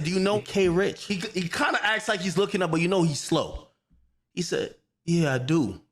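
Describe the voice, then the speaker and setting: Heated man ranting, high voice. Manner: swears a lot, repeats himself, grows loud and shouting. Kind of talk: heated storytelling rant.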